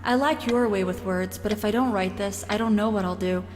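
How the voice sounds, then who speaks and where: A woman voicing a young wife who reads her love letter in a soft, dreamy way, from a game. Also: mid-range voice, brisk, big-room sound, background noise, natural voice. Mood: tender.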